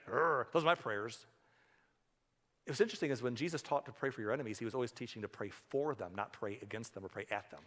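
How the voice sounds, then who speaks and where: A man's voice: mid-range voice, fairly bright tone. A man preaching a sermon as a pastor, in a conversational way, often acting out the voices of the people he talks about. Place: church sanctuary. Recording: church hall reverb.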